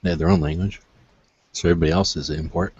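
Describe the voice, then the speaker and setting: A man's voice: low voice, steady tone, rapid-fire, a little mellow, slightly rough, lo-fi sound. A man chatting casually on a panel, rambling and blunt, who says he is not from Arizona. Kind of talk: casual chat.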